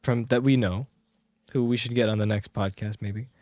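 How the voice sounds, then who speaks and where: A man's voice: lowish voice, steady tone, moderate pace, a little mellow, dry recording. A man co-hosting a casual podcast, rambling and self-deprecating, with his voice often trailing off. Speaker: podcast co-host.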